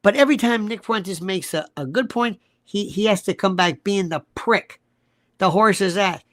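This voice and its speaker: A high-voiced man hosts a live-stream talk show, speaking at a moderate pace in a clean studio recording with no room sound. His monologue is emphatic and packed with repeated rhetorical questions.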